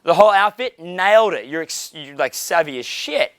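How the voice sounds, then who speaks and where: A man's voice: on the high side, animated, moderate pace, a bit bright, clear, resonant tone, no room sound, studio quality. A young man coaching a small group in a casual way, blunt and profane, with frequent fillers. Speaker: dating coach.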